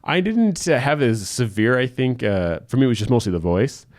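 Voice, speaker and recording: A man's voice: mid-range voice, animated, a little mellow, dry recording. A man co-hosting a podcast in casual chat, rambling and restarting his sentences as he goes. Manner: quick, rambling, many restarts. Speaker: podcast co-host.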